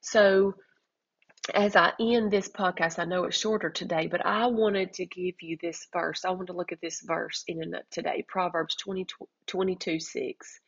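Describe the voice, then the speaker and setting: A woman's voice: on the low side, fairly even intonation, moderate pace, breathy edge, highs cut off. A middle-aged woman hosting a faith-based parenting podcast, telling an earnest, heartfelt testimony with restarts and emphatic rises. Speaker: podcast host.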